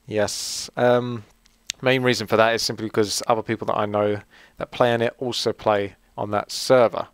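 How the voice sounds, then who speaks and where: Male host from Essex, chatty and rambling, smooth voice, dry close sound. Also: lowish voice, level tone, moderate pace, no echo. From Essex, England. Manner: rambling and friendly, many fillers and asides. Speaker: channel host answering viewer questions. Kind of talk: casual chat.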